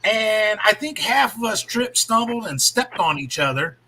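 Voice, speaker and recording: Very high, bright, slow-talking man. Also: animated, a little hiss or hum, poor audio. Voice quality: dramatic, emphatic. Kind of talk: casual storytelling.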